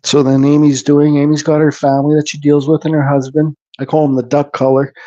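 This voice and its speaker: A man's voice: on the high side, warm tone, dull audio. A middle-aged man from Canada hosting a woodcarving channel, chatting casually and bluntly with live viewers, rambling and swearing freely. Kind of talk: casual chat to live viewers while carving.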